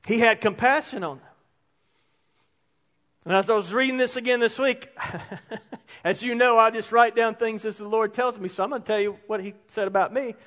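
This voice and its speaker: A man's voice: high-pitched, fairly even intonation, moderate pace, long pauses, a bit bright. A male pastor preaching a sermon in a conversational, emphatic way, weaving in personal stories.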